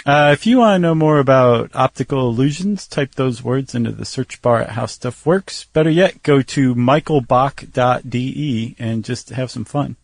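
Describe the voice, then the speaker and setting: A man's voice: medium pitch, moderate pace, gravelly, few pauses, no room sound. A man co-hosting a podcast in casual chat, wry and joking. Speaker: podcast co-host.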